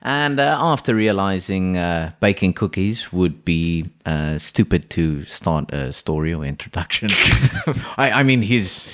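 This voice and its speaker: A man co-hosting a casual podcast, spinning an improvised tale. His voice sits low, yet it rises and falls a great deal as he talks. He rambles, doubling back and restarting his sentences. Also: animated, measured pace, fairly bright tone. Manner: rambling, restarts, frequent laughter. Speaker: podcast co-host telling a story.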